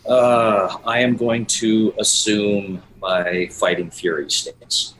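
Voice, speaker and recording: A man playing a tabletop game, asking about his moves in an unhurried casual way and laughing often. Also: on the low side, steady tone, a bit bright, a little hiss or hum, rough recording. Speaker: player.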